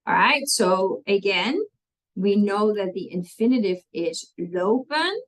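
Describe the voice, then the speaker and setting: A woman's voice: mid-range voice, expressive, slow, low-quality recording. A woman, teaching a language lesson and patiently walking through spelling rules step by step, often checking in with "okay?".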